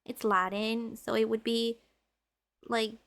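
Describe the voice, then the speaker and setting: A young woman chats through a story game on stream, playful and a bit dramatic as she teases her viewers. Her voice sits slightly high with a gravelly texture. She talks at a slow, unhurried pace. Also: little pitch movement, a bit bright. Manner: playful, dramatic, teasing with chat. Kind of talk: casual game stream chatter.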